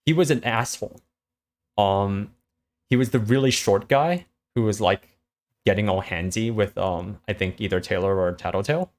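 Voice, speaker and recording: A man reading a story aloud and summarizing it in a relaxed way, with lots of fillers. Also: on the low side, moderate pace. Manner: relaxed, hesitant with many fillers. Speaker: host reading a web serial aloud.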